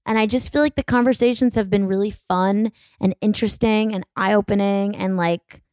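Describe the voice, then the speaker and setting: A woman's voice: mid-range voice, steady tone, normal speed, darkish tone, dry recording. Chatty rambling woman podcast host. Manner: rambling, self-deprecating, chatty with many fillers. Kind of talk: casual solo chat.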